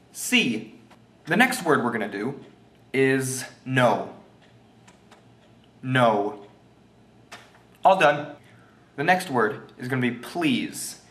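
A young man giving a jokey, mock language lesson, goofy and deliberate and unsure of his own facts. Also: mid-range voice, fairly bright tone. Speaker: self-styled language teacher. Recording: roomy echo.

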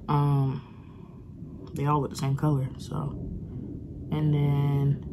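Young woman vlogger, low voice, rambling casual chat into a handheld phone, noticeable background noise. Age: 20s. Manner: chatty, rambling, uses dialect slang. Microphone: phone camera held close.

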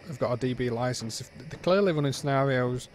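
Brief: British male reviewer, blunt and fed up, casual rambling commentary, average pitch, faint ambient noise behind. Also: fast. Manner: blunt, exasperated, rambling with restarts. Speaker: game reviewer.

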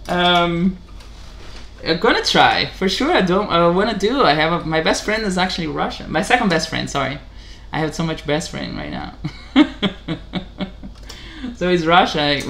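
A man hosting a casual vlog, talking haltingly in English, correcting himself and chuckling as he practices a new language. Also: on the high side, a bit bright. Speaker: channel host.

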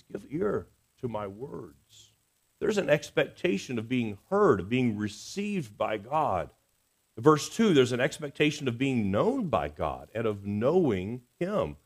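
A man preaching a Sunday sermon in a church, earnest and expressive, swinging between emphatic rises and soft, quiet drops. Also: lowish voice. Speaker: pastor. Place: church sanctuary.

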